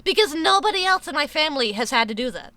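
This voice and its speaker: Casting: woman streamer, high bright voice, dry close sound, profane rambling chat. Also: very animated, quick pace, dry recording. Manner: profane, rambling, many restarts. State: sore tooth. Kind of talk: casual live-stream chat.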